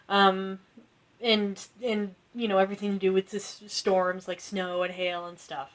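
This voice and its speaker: A woman co-hosting a casual podcast, retelling a myth in a rambling, giggly way with lots of swearing and quick character voices. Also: medium pitch, flat delivery. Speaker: podcast co-host retelling myths. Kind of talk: casual chat.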